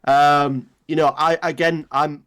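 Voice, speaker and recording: A man's voice: a little high, level tone, a little slow, a bit bright. A man co-hosting a movie news podcast, talking casually with many hesitations and restarts, often agreeing. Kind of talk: casual chat.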